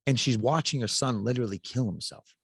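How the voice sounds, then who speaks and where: A man's voice: mid-range voice, a little fast, creaky, husky, no room sound. A man in his thirties, a podcast guest, telling a personal story in a casual, frank way and swearing freely.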